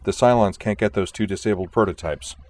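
A deep-voiced man voicing a cool-headed woman fighter pilot who leads her squadron, speaking in brisk, commanding radio calls. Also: darkish tone, natural voice.

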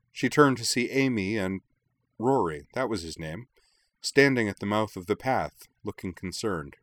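A man narrating a story aloud in a measured, quiet way. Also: fairly low pitch, expressive, no room sound. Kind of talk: reading fiction aloud.

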